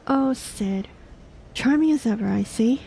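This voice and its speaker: A woman's voice: on the high side, measured pace, vocal fry, dark tone, slight background noise. A woman VTuber reacting playfully while she plays and reads a story game. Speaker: VTuber streamer. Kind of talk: casual gameplay commentary.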